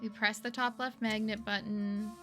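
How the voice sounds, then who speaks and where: A woman's voice: mid-range voice, level tone, moderate pace, bright, forceful tone, soft background music. A woman streaming a mystery game, chatting casually, reading chat aloud and reacting with gasps and laughs.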